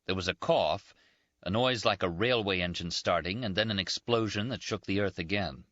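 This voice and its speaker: Low bright male narrator, dry. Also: dry recording, highs cut off. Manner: measured, grave first-person reading. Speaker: audiobook narrator. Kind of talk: scripted narration.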